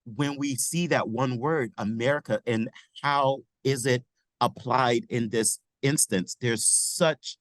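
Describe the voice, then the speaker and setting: A man's voice: mid-range voice, slow pace, no room sound, poor audio. Man, teacher in a webinar, reflective, dry close sound. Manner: thoughtful, searching for words. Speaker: teacher participant. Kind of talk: reflective discussion remarks.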